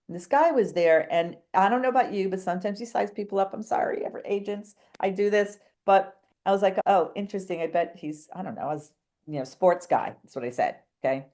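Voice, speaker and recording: A woman talks as a guest on a podcast, telling a long story in a chatty way. Her voice sits on the low side. She jumps from one thought to the next and acts out the people she quotes. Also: dark tone. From New England. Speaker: real estate agent, podcast guest. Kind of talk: animated storytelling in a podcast interview.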